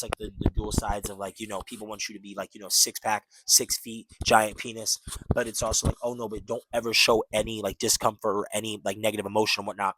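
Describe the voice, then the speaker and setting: A man's voice: lowish voice, fairly bright tone, no room sound. A man in his twenties talking casually to camera, rambling and tacking "and whatnot" onto his points. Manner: rambling, peppers talk with "and whatnot". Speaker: vlogger.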